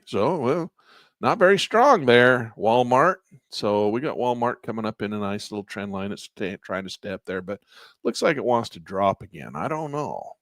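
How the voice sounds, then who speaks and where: A man's voice: on the low side, fairly bright tone, no room sound, studio quality. A man teaching a live online trading class in a casual, folksy way while pointing at charts. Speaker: trading instructor.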